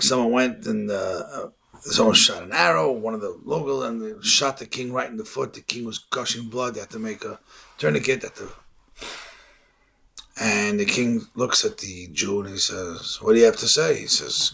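A man giving an impassioned sermon as a rabbi, telling stories and rising to shouts on key points. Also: on the low side, moderate pace, creaky, slightly rough. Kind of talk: sermon with storytelling.

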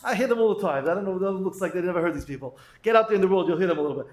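A rabbi with a very high voice gives a sermon-style Torah talk in an echoey room that lends his voice a roomy ring. He reads Hebrew phrases slowly, hurries through the English translation, and acts out the voices of doubters in quotes.

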